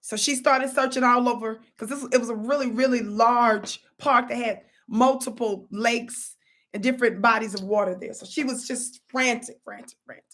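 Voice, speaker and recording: A woman hosts a casual live stream with a high, bright voice. She talks to her viewers in an animated, preachy call-and-response style. Her storytelling sounds lively and direct. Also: moderate pace. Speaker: livestream host.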